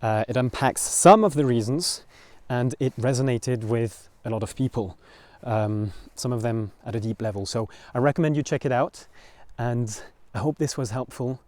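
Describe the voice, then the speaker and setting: Man, French accent, language teacher, patient explainer, medium pitch, dead dry recording. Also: darkish tone, no echo. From France. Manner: explains patiently, repeats words slowly to model sounds. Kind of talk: pronunciation lesson.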